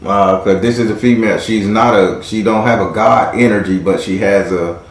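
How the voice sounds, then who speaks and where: A man with a fairly low voice hosts a live tarot reading. He talks to his caller casually, with slang and a teasing edge. The sound carries a roomy echo. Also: steady tone, normal speed. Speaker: tarot reader and host.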